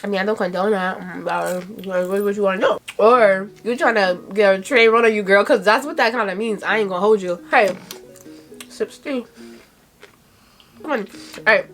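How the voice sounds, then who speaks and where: A woman's voice: medium pitch, normal speed, a bit bright, soft background music. A young woman from Brooklyn with a Brooklyn New York accent, chatting casually and giggling a lot as she reacts on her vlog. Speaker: vlogger. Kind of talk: casual chat.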